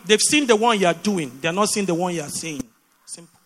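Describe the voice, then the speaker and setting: A Nigerian woman preaching a sermon, animated and full of repeated rhetorical questions. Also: on the low side, fast talker, long reverb tail.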